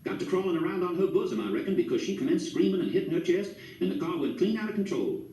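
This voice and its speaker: Mellow man narrating a story. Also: high-pitched, animated, quick pace. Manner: folksy storytelling. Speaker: audiobook narrator. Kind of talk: first-person storybook narration. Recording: roomy, distant mic.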